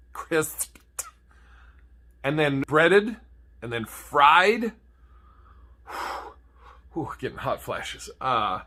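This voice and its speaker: A man's voice: a little high, bright, forceful tone. A man telling comedic stories to camera, swearing freely and laughing at his own jokes.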